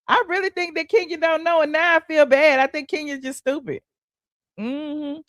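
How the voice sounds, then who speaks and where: A woman's voice: high voice, steady tone, moderate pace, fairly bright tone, no echo. A woman hosting a casual celebrity gossip livestream, sassy and chatty, calling the audience honey and child, humming mm-hmm and laughing between points.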